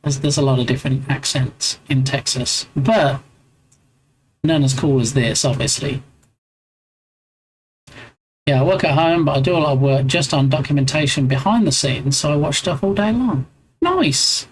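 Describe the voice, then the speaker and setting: English man, 40s, relaxed live-stream host, playful banter with viewers, light background noise. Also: mid-range voice, moderate pace, pauses often, rough recording. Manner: chatty, reads out and answers chat with playful banter. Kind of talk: casual chat with viewers.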